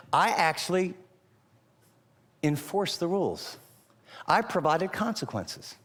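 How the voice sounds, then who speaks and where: Emphatic male preacher in a reverberant hall. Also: sits high. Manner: emphatic, rhetorical questions, shifts between loud and hushed. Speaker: pastor. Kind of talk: sermon.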